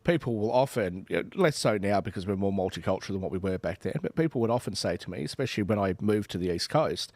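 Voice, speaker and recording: An Australian man in his forties hosts a podcast panel, talking at a rapid clip with lots of rhetorical questions. His voice is recorded close and dry, with no room sound. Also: on the low side, no echo. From Western Australia. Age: 40s. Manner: animated, emphatic, rhetorical questions. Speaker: podcast host. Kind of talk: panel discussion.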